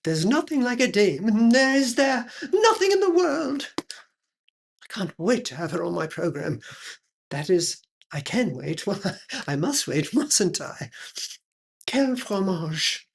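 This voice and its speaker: A pompous, affected aristocratic hostess, played by a woman, drawling slowly and dropping French phrases. Her pitch swoops up and down grandly as she holds court. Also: very animated, creaky, breathy edge, exaggerated voice. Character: pompous aristocratic lady chat show hostess. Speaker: host.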